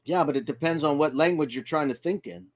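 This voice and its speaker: Animated grandfatherly man chatting. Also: a little high, fast talker. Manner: animated storyteller who acts out voices. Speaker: livestream co-host. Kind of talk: casual livestream chat.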